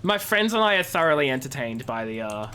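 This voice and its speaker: A woman's voice: very deep voice, big pitch swings, fairly quick, fairly bright tone, a little hiss or hum. A young woman in her twenties, a streamer and law student, chatting animatedly and amused while she plays a game. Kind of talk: casual chat while gaming.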